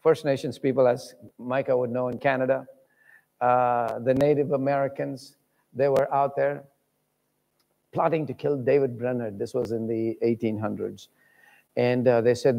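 A man preaching a sermon, telling stories with lively voices for the people in them. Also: medium pitch, unhurried, gravelly. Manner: animated, acts out voices in stories. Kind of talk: sermon storytelling. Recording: long reverb of a large hall.

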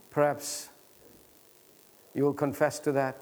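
A man preaching a sermon, swinging from loud exhortation to quiet prayer and chatty stories with the congregation. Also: moderate pace, vocal fry. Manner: swings from loud, high exhortation to soft, low intimate prayer; conversational storytelling with congregation asides.

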